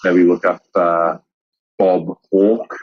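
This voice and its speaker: A very deep-voiced Australian man speaks slowly in a recorded message, halting with lots of "uh" and swearing. His voice is husky. The recording sounds muffled and dull. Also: little pitch movement. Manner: hesitant, full of "uh", swears a lot.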